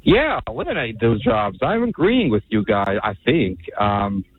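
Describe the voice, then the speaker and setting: A man's voice: fairly low pitch, huge pitch swings, measured pace, breathy edge. A man in his twenties from New Jersey, calling into a radio show and speaking hesitantly with rambling. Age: 20s. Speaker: caller. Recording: phone line.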